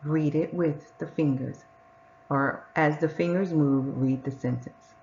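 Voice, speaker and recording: A woman teacher giving a patient reading lesson to young children, sounding out words and reading sentences slowly and clearly. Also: deep voice, fairly even intonation, a little mellow, highs cut off, slight background noise.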